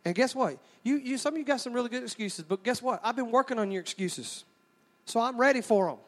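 A man's voice: very high voice, expressive, fast talker, a bit bright. A man preaching a sermon, folksy and joking as he calls out to the crowd.

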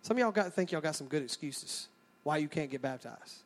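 A man's voice: a little high, expressive, a little fast. A man preaching a sermon, folksy and joking as he calls out to the crowd.

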